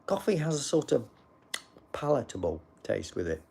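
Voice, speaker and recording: A man's voice: mid-range voice, very animated, moderate pace, gravelly, dark tone, slight background noise. An older man who chats in a casual, dry and rambling way as he answers live comments into a phone. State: sleepy, yawning. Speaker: livestream host.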